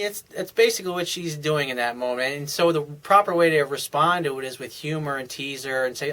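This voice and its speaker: A man's voice: a little high, fairly quick, hardly any pauses, sharp tone. A man talking as a dating coach, giving casual advice in a blunt, frank and profane way, often restarting his sentences.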